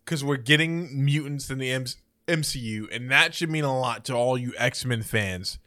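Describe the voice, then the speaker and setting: A man's voice: mid-range voice, normal speed, bright, forceful tone. A man co-hosting a casual pop-culture podcast, talking in an opinionated, speculative way with hiccups. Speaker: podcast co-host.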